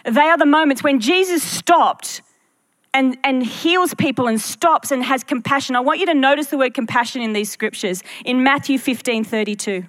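A woman's voice: high-pitched, moderate pace. A woman pastor preaching a sermon to her church, earnest and full of rhetorical questions to the congregation.

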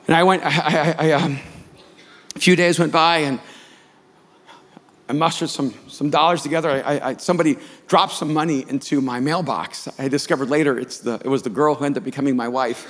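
Man preaching, high voice, echoing hall. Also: quick pace. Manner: builds from quiet storytelling to loud preaching. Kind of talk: sermon storytelling. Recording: reverberant hall.

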